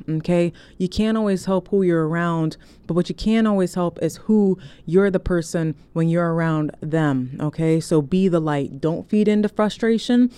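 A woman hosting her own show talks in a low, mellow voice. She drifts into digressions and shout-outs, then comes back around to encouragement. Her voice sounds smooth, close and dry. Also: dry recording. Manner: rambling, warm pep talk with digressions and shout-outs. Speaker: show host. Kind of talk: casual motivational radio-style talk.

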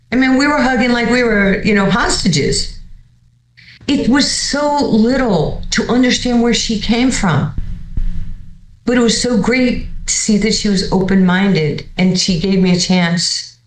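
A coach on a guest spot, spinning a story in conversation and acting out the dialogue as it goes, with frequent repeated words and restarts. The voice sits at a middle pitch and carries a noticeable room echo. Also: a little slow, slight background noise. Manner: animated, repeats words, acts out quoted dialogue. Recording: roomy echo.

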